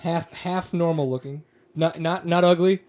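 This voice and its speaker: A man's voice: on the high side, fairly even intonation, normal speed, darkish tone, slight background noise. An American man hosting a casual podcast, rambling and joking with plenty of fillers. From United States. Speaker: podcast host.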